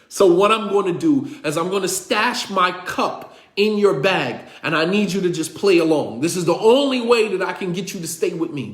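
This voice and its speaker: Guy with a pretty high voice telling a religious story, repeats stuff for emphasis, roomy echo. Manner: retells dialogue, repeats lines for emphasis, quotes Arabic. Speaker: religious teacher.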